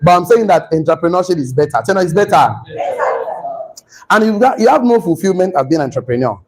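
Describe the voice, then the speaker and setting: A man lecturing a class, animated, repeating himself and putting questions to the room. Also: high voice, fast, poor audio.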